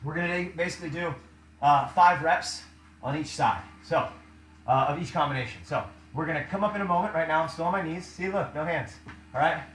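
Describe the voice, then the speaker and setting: A man's voice: on the high side, fairly quick, a bit bright, roomy sound, rough recording. Breathless upbeat man coaching a workout. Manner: counts reps aloud, upbeat cues, often asks "all right?". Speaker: fitness coach. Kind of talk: guiding a workout while doing it. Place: home workout room.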